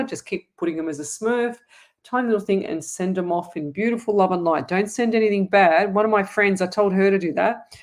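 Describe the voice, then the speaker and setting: A woman's voice: medium pitch, a little mellow. A woman, a psychic medium hosting a live show and answering viewer questions in a chatty, rambling way. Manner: chatty and rambling, with frequent restarts and asides. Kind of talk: casual live-stream chat.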